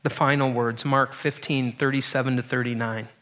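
A man preaching a sermon, earnest and emphatic, often repeating words and dropping low and slow on key lines. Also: level tone, a bit bright. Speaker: pastor.

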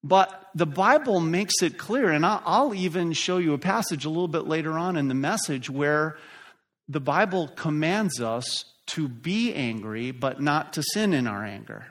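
A man's voice: a little high, animated, fairly bright tone. A middle-aged male pastor preaching a sermon, emphatic and building in force at key points. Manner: slow, emphatic preaching that rises and drops in force.

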